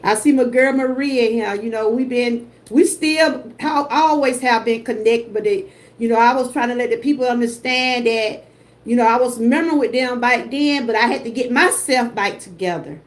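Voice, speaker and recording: A woman's voice: a little high, normal speed. A woman with a Southern US accent hosting a casual livestream, emotional and effusive as she greets the people in her chat. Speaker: host.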